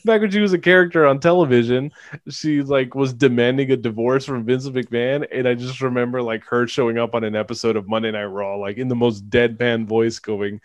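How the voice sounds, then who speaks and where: A man co-hosting a casual movie-review chat, animated and sarcastic, laughing often as he talks. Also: medium pitch, a little fast, no echo. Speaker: podcast co-host.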